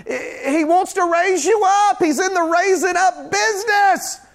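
A man with a high, light voice preaches to his congregation in a church. He talks like he's chatting with them and acts out everyday scenes, then builds into fervent, repeated calls. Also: a little slow, gravelly, fairly bright tone. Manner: conversational preaching with acted-out scenes, rising to fervent repetition. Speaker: pastor. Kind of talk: sermon.

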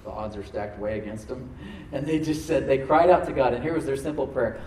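A man preaching a sermon as pastor, talking conversationally and dropping to soft, prayerful tones. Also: medium pitch, fairly quick, hardly any pauses, slight background noise. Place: church sanctuary. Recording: roomy hall, mic at a distance.

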